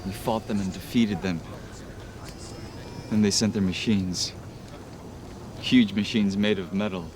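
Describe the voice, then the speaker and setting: An actor playing a weary male villager recounting his people's defeat, in a low somber voice, from a film clip. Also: fairly even intonation, measured pace, pauses often, noisy background, natural voice. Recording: film clip with rumbling background.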